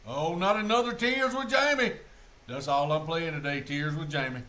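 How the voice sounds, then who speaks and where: A man's voice: fairly high pitch, normal speed, sharp tone. A man streaming reaction commentary, joking crudely and mocking the clips he plays.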